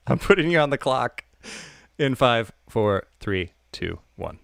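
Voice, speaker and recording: Gravelly guy hosting a podcast, teasing and joking. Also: medium pitch, big pitch swings, slow pace, a bit bright, dry recording, clean studio sound. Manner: teasing, counts in the speaker. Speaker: podcast host.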